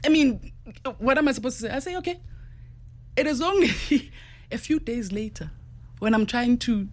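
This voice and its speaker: A South African para-athlete and journalist, appearing as a guest in a studio, vividly recounts a personal story and acts out other people's words by repeating their quoted speech. Her voice sits on the high side, expressive and at a normal speed, with a darkish tone.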